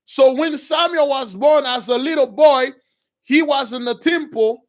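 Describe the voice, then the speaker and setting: A man preaching in an informal, animated way, retelling scripture with slang and bursts of shouting. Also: very high voice, a little slow. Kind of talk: informal religious storytelling.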